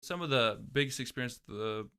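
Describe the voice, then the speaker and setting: A man's voice: mid-range voice, expressive, normal speed, sharp tone, clean tone. A young man, a guest in an interview, telling his own story in a reflective way and often restarting his phrases. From Oklahoma, USA. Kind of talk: casual personal storytelling.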